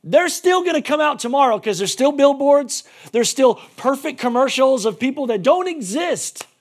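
A male pastor preaching a sermon emphatically, swinging between shouting and hushed tones. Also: extremely high pitch, expressive, normal speed.

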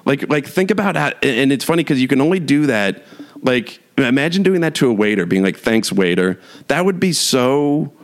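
A man's voice: mid-range voice, lively intonation, a little fast. A young man chatting casually and ranting with exasperation, full of fillers and restarts, laughing as he talks. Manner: rambling, lots of "like" fillers and restarts, laughs while talking; mocking, exasperated rant. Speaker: podcast host. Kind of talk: casual solo chat.

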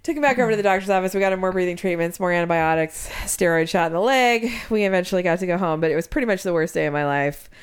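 A woman's voice: fairly low pitch, racing, few pauses, clear, resonant tone. A woman in her thirties, a podcast co-host, telling a story in casual chat and acting out what others said. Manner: animated storytelling, quotes others.

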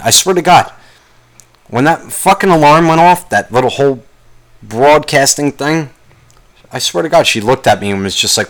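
A man's voice: medium pitch, expressive, normal speed. A man hosting his own podcast alone, ranting angrily in a rambling, profanity-heavy way. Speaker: podcast host. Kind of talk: solo podcast rant.

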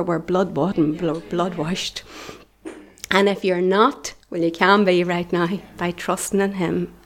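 A woman's voice: fairly low pitch, darkish tone, slight background noise. A middle-aged woman with a Northern Irish accent speaks to a church congregation. Her preaching is earnest and impassioned, and at times she falls to a near whisper. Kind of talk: preaching testimony.

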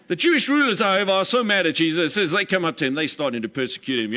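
Animated bright-voiced male pastor preaching. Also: sits high, very fast, few pauses. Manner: emphatic, animated storyteller, acts out scenes. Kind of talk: sermon.

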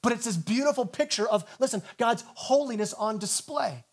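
Pastor, male, light high voice, earnest sermon delivery, stammers into phrases. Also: animated, moderate pace. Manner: earnest, stammers and repeats words at the start of phrases. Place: church.

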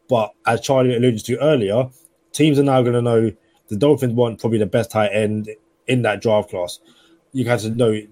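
A man's voice: lowish voice, darkish tone, no echo. A man with a London accent, co-hosting a sports podcast and thinking aloud with lots of "you know" fillers. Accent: London English. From London, England. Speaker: podcast co-host. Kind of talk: casual sports podcast chat.

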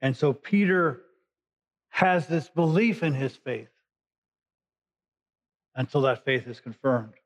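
A male pastor with a medium-pitched, lively voice speaks slowly and pauses at length. His sermon is casual Bible teaching that puts scripture into everyday words, heard through a dull, lo-fi recording.

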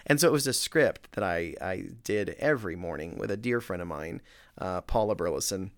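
A middle-aged man, a real estate agent, telling a story in a casual, animated, self-mocking way. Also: deep voice, normal speed. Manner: animated, self-mocking, with many fillers and restarts.

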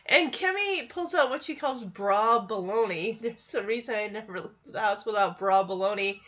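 A woman's voice: on the high side, big pitch swings, moderate pace, fairly bright tone, highs cut off. A woman giving a casual, chatty recap of a TV episode, laughing often and acting out the characters' lines. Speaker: TV show recapper.

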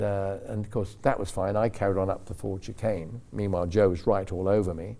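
An older man on a talk-show stage tells a meandering story about his racing days. His voice sits low and sounds warm and relaxed. He keeps correcting himself mid-sentence and briefly puts on the voices of the people he quotes. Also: fast, hardly any pauses. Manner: rambling and self-correcting, acts out quoted voices. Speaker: racing driver guest. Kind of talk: anecdotal storytelling.

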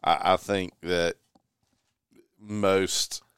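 A man, a guest on a radio talk show, chatting casually with wry, measured remarks. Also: low-pitched, level tone, a bit bright, clear, resonant tone, dry recording, studio quality. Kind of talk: casual chat.

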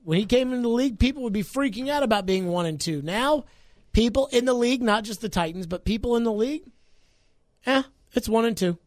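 A man's voice: extremely high pitch, lively intonation, a little fast, no echo. Sports radio host, male, argumentative and fired up; dry booth sound. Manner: worked up, argumentative. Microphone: studio mic.

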